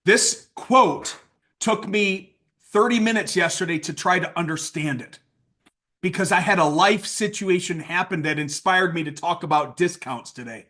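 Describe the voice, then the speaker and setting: Worked up and blunt, this speaker delivers a casual sales training session, lurching from loud outbursts into quiet asides.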